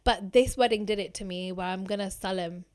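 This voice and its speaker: A woman, co-hosting a casual podcast chat and telling stories in a slangy, animated way. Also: medium pitch, a little fast. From England. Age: 20s. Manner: animated storytelling, slangy, laughing. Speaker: podcast co-host.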